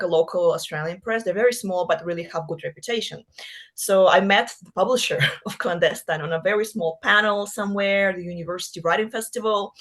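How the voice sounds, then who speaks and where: Woman guest from Russia, conversational and giggly, mid-pitched, full of fillers. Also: a bit bright. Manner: chatty, laughs often, many fillers. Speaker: author guest. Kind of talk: casual interview chat.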